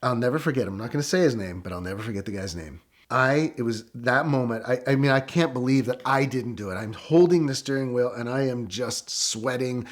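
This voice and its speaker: A middle-aged man telling a story in a casual, animated way, with quick excited bursts. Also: mid-range voice. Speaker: guest storyteller.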